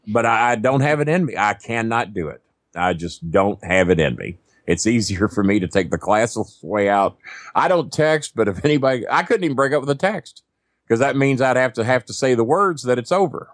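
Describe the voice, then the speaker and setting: A man's voice: lowish voice, lively intonation, a little fast, no room sound, studio quality. A man, telling crude, self-mocking stories as a podcast guest. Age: 50s. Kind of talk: casual storytelling. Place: not at a desk microphone.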